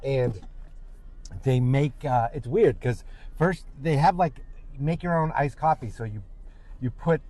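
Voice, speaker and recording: A man's voice: medium pitch, unhurried, long pauses, warm tone, low-quality recording. A man hosting a podcast, chatting casually while driving and recapping an episode in a rambling way. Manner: rambling, acts out quotes in raised voices. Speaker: podcast host. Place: car.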